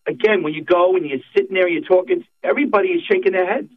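A man's voice: sits high, fast. A man, a political candidate calling in to a radio show, talking emphatically and repeating his points. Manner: emphatic campaign talk, repeats phrases. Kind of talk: phone-in radio interview. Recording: tinny phone line.

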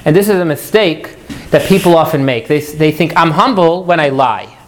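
Animated man teaching a class. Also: a little high, moderate pace. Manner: animated, questioning the class, jokey asides. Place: room with a live class.

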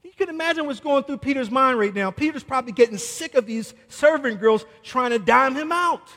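A man preaching a sermon verse by verse, swinging dramatically between loud declarations and hushed asides. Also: very high voice, lively intonation, a little fast, big-room sound. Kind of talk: expository sermon on scripture.

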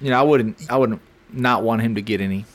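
A man's voice: on the low side, fast talker. A middle-aged man co-hosting a podcast, telling a story in casual chat, swearing freely and acting out what others said. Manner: animated, swears freely, acts out quotes. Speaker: podcast co-host.

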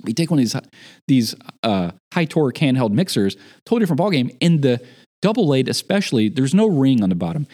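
A man in casual chat, telling an animated story about a job gone wrong. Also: medium pitch, fast. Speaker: podcast guest.

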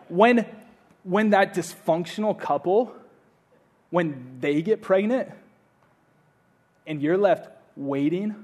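A man preaching a sermon, earnest, repeating his phrases and swinging between loud urging and hushed appeals. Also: on the high side. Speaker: pastor.

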